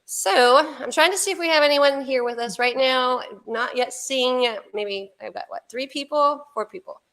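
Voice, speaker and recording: A woman's voice: sits high, moderate pace, a bit bright. A woman in her fifties hosting a casual podcast livestream, chatting with a co-host and greeting viewers with frequent laughter. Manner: bubbly, laughs often, chatty asides to viewers.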